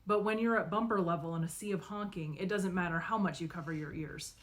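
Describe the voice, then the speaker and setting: A woman narrating a novel in the first person, expressive and acting out the dialogue. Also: on the low side, brisk. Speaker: audiobook reader.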